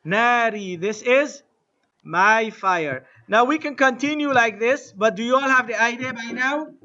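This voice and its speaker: A man teaching an Arabic lesson to a class, drilling phrases slowly and having students repeat. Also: extremely high pitch, sharp tone, dull audio. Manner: slow, deliberate drilling with repetition to the class. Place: mosque classroom.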